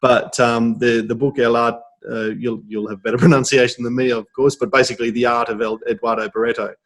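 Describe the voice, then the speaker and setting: A man's voice: mid-range voice, flat delivery, a little fast. A man hosting a podcast interview, asking questions with frequent fillers. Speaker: podcast host. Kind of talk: casual interview.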